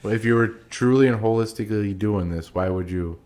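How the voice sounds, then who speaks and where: A man's voice: on the low side, a little fast, a little mellow. A man co-hosting a podcast, blunt and profane, laughing along with his co-host. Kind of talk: casual chat.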